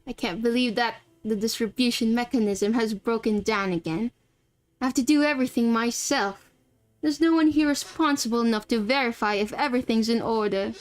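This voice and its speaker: A woman's voice: on the high side, a little fast, lightly acted. A woman voicing a haughty male ruler of a void in a put-on British accent, reading game dialogue aloud in a clipped, impatient way. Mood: irritated.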